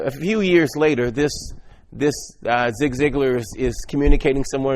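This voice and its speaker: Man, mid-range voice, motivational Christian speaker; earnest, exhorting, trips over and repeats words. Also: mid-range voice. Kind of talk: motivational sermon.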